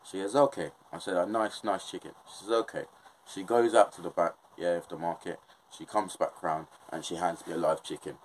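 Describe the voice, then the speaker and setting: A man's voice: low-pitched, a little fast, a little hiss or hum, rough recording. A young man with an English accent in a casual, impassioned monologue, swearing a lot and often checking that he is understood. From England. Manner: impassioned, swears often, keeps asking "do you know what I mean".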